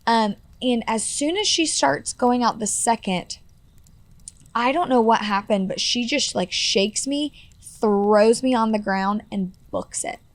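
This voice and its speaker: A woman's voice: fairly high pitch, unhurried, no echo. A woman in her twenties telling a personal story as a podcast guest, earnest and full of fillers like "like" and "you know". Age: 20s.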